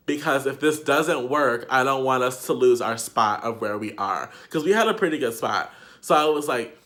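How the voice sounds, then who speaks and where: Young guy vlogging a storytime, bright voice, rambly, swears a lot, says like constantly. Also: medium pitch, normal speed. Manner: chatty, profane, filler-heavy with lots of "like". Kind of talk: casual storytime.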